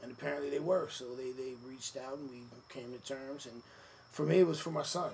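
A man telling stories in a relaxed sit-down interview, with many fillers, acting out the quotes of others. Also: medium pitch, fairly quick, gravelly. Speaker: podcast guest, former wrestler. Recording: noisy room ambience.

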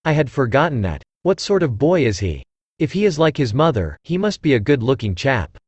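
A synthesized male voice reading the part of a gruff, blustering old aristocratic uncle who grumbles bluntly. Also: mid-range voice, big pitch swings, brisk, darkish tone, dry recording. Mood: grumbling. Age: older.

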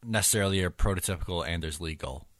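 A man's voice: low-pitched, fast, fairly bright tone, no room sound, clean studio sound. A man hosting a casual sports podcast, laid-back and joking as he moves the talk from topic to topic. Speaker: podcast host.

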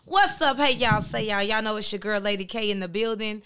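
A woman co-host, talking in a loud, playful, high-energy way and laughing as she tells stories. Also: fairly quick, clean tone. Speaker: co-host and event host. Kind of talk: casual hype talk and storytelling.

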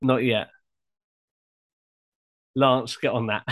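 A man's voice: mid-range voice, animated, moderate pace. Teasing, laughing male podcast co-host. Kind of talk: casual banter.

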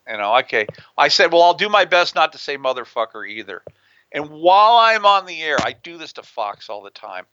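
A man's voice: mid-range voice, expressive, moderate pace, sharp tone, clear, resonant tone, no room sound, dull audio. A man in an interview telling stories in a brash way and swearing freely. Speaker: guest, prison consultant. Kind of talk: profane storytelling in an interview. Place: near a big city on the US West Coast.

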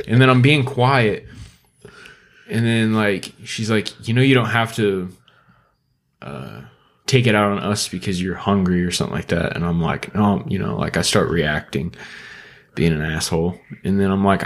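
A young man co-hosting a podcast, telling a story in a casual, profane, animated way. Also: fairly low pitch, moderate pace. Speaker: podcast co-host.

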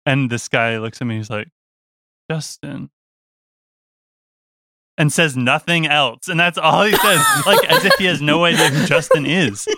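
A man in a band telling a tour story in a casual, animated way, often laughing and acting out the other people's voices. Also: a little high, normal speed, hardly any pauses.

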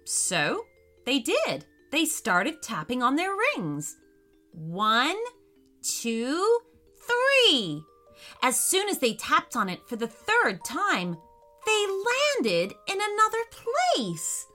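Woman reading a kids story slow, very lively pitch, kinda high. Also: faint music behind. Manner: slow, expressive and lilting. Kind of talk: children's story narration.

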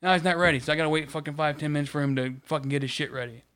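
A man's voice: a little high, racing, clean tone. A man co-hosting a casual podcast, telling a work story with lots of swearing. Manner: profane, animated storytelling. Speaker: podcast co-host. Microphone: studio podcast mic.

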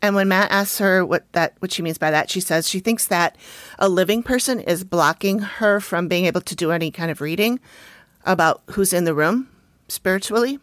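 A woman co-hosting a casual podcast, recapping a TV episode in a lively voice and laughing often. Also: fairly low pitch, moderate pace, no room sound, clean studio sound. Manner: lively, laughs often, talks to her dog. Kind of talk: casual chat.

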